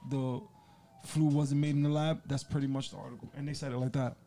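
Man, podcast co-host, mellow tone, faint background noise, rowdy profane banter. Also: medium pitch, flat delivery, a little fast. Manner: loud, joking, profane. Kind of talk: casual banter.

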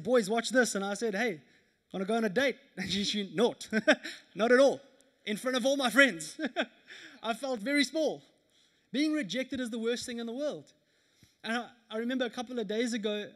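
A man in his thirties preaching a sermon at a church service, telling stories in an animated way with laughter. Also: high-pitched. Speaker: pastor.

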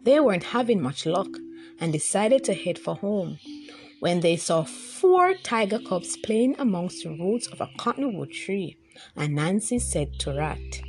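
A woman tells a folktale in a lively, expressive storytelling voice, with her pitch rising and falling in wide swings. Her voice sits in a middle range. Faint music plays softly behind her. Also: measured pace. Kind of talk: scripted folktale narration.

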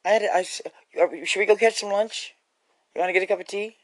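A man's voice: high voice, steady tone, quick pace. A man talking straight to his viewers in a scattered, jumpy ramble that starts and restarts. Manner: scattered, jumpy, restarts often, folksy "y'all". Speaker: vlogger. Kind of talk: rambling casual monologue to viewers.

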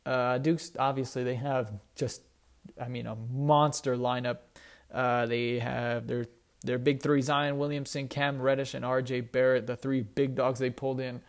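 A man's voice: medium pitch, little pitch movement, unhurried. A young man hosting a casual sports show, rambling and correcting himself as he talks enthusiastically about college teams. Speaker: sports podcast host.

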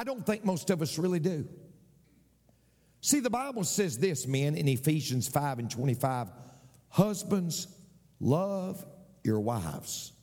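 A man's voice: fairly high pitch, a little mellow, big-room sound. A man preaching a sermon as pastor, repeating phrases and asking the congregation for an amen.

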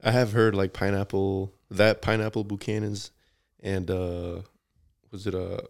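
A man's voice: sits low, little pitch movement, measured pace, creaky. A young man, a podcast guest, chatting in a laid-back, slangy way and swearing casually. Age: young adult. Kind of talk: casual chat.

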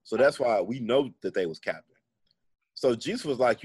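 Man, podcast co-host, slangy comic storyteller, dry close sound, relaxed delivery. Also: mid-range voice, brisk, breathy edge, no echo. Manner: slangy, laid-back, irreverent. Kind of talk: casual comedic storytelling.

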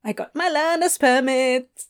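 A woman's voice: sits high, big pitch swings, moderate pace, voice pushed up. A woman voicing an eager teenage boy with a teasing, sing-song manner.

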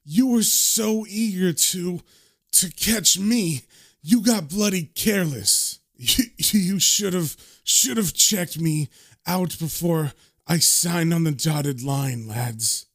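A man voicing a cocky, dying con man who mocks demons in a slow, swaggering drawl, as part of a comic book reading. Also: sits high, fairly bright tone, heavily acted. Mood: mocking.

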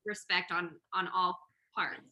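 A woman's voice: fairly low pitch, flat delivery, a little slow, bright, forceful tone. A woman hosting a podcast in casual, enthusiastic conversation, talkative and passionate. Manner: enthusiastic, talkative, frequent laughs. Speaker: podcast host.

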